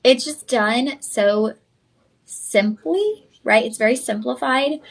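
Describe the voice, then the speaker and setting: A woman's voice: fairly high pitch, slow pace, gravelly, low-quality recording. A young woman hosting a live jewelry sales show, chatty and enthusiastic, talking straight to viewers. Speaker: shopping channel host.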